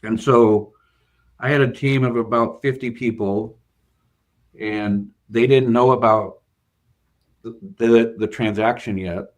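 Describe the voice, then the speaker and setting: A man's voice: mid-range voice, steady tone, slow pace, pauses often, muffled recording. A man, a bank finance executive, being interviewed and earnestly recounting a work story, with frequent fillers and restarts. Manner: earnest, hesitant with many fillers and repeated starts. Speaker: bank CFO, guest.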